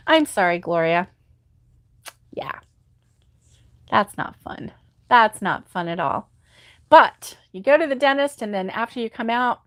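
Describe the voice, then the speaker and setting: A woman's voice: a little high, a bit bright, no echo, studio quality. A middle-aged woman hosting a crochet livestream, chatting casually and sympathetically with viewers and laughing often. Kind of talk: casual live chat reading viewer comments.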